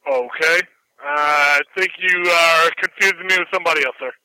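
A man working at a restaurant, answering the phone and pushing back calmly but firmly. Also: fairly high pitch, a little fast, no room sound, poor audio. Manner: calm but firm, repeats himself to push back. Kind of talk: phone argument. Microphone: telephone line.

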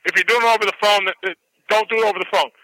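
High, bright, fast-talking man on the phone. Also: dry recording, poor audio. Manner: calm but firm, repeats himself to push back. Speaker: restaurant employee answering the phone. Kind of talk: phone argument. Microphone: telephone line.

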